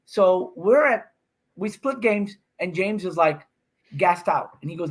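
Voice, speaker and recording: Animated older man telling a story. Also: high voice, a little slow. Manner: excited, acts out his own quotes with raised voice. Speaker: guest, professional pickleball player.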